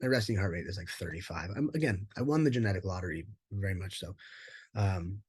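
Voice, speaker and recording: A man's voice: deep voice, expressive, brisk, darkish tone, husky. A man telling his life story in an interview, candid and rambling, with many fillers and casual swearing. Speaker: interview guest, former pro fighter.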